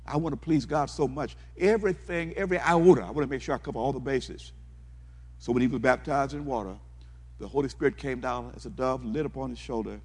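A man's voice: mid-range voice, fast talker, breathy edge. A man preaching a fervent sermon, repeating himself and asking the congregation questions, then moving into prayer. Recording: long hall reverb.

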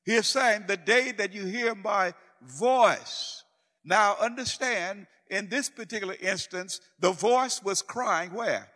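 A man delivers a sermon in a high voice, pressing his points through repetition. He swings between loud declarations and hushed pleading. A long reverb trails behind his words. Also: takes it slowly. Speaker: preacher.

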